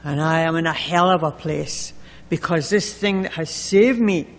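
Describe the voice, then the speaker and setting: A woman's voice: low voice, normal speed. A woman telling her recovery story to a group, candid and wry, with self-mocking humor. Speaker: recovering alcoholic sharing at a meeting. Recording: echoey meeting hall recording.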